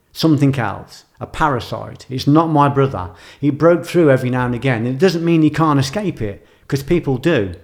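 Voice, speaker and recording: With a mid-range, darkish male voice, a writer and filmmaker delivers an emotional, intense monologue of personal reflection. He repeats phrases to emphasize them.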